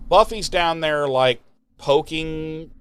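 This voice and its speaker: Male podcast co-host, unhurried, swears freely, slips into quick mock voices, somewhat high pitched. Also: fairly bright tone, clean tone. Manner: profane, rambling recap with quick mock voices. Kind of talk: casual episode recap.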